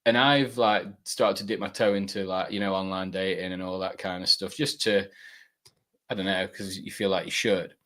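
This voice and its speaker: A man's voice: sits low, fairly even intonation, moderate pace, a bit bright. A young man from Britain, co-hosting a casual podcast chat and speaking reflectively with frequent hesitations. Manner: reflective, hesitant, lots of fillers. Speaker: podcast co-host.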